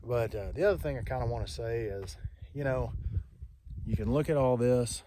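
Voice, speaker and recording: A man's voice: medium pitch, moderate pace, dark tone, slight background noise. A middle-aged man, talking in a friendly, rambling, folksy way in a casual vlog while outdoors on a canyon hiking trail. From Texas. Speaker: vlogger.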